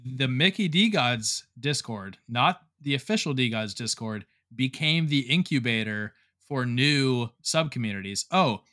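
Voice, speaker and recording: Bright-voiced laid-back podcast host. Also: male voice, mid-range voice, expressive, no room sound, studio quality. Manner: laid-back and swearing, quick to laugh. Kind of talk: casual chat.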